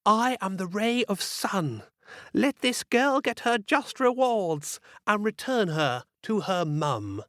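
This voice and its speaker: A man voicing a stern old female witch who grants rewards, chanting slowly and solemnly. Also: sits high, very animated, a bit bright, dry recording, clean studio sound, pitched above the performer's own voice, full character voice. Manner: slow, solemn incantation.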